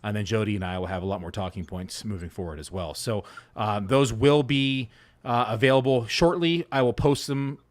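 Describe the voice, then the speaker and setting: A man's voice: fairly low pitch, normal speed. A man co-hosting a fantasy football show in a casual, rambling way with plenty of fillers. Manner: laid-back, rambling with many fillers. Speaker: fantasy football analyst co-host. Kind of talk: casual podcast chat.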